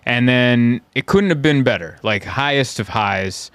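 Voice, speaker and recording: A man spins road stories in easy chat, his voice sitting at a middle pitch. The sound is dry and close, with no room around it. He jumps into high, squeaky voices to act out the people he meets. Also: a little slow, smooth, no room sound. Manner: animated, acts out characters in high voices. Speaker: stand-up comedian, podcast host. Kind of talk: casual storytelling chat.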